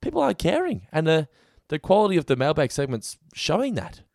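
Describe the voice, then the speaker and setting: Lively rambling man. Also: fairly high pitch, brisk, vocal fry, no echo, clean studio sound. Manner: relaxed, rambling with frequent restarts. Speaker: podcast co-host. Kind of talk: casual chat.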